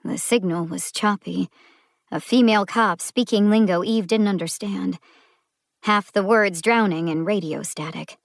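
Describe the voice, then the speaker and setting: Slow, measured female audiobook narrator. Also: mid-range voice, no echo, studio quality.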